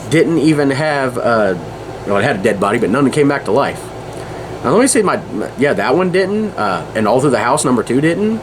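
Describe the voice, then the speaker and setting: Rambling male podcast host. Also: medium pitch. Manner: rambling, self-deprecating, many fillers and restarts. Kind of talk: casual monologue. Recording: steady background noise.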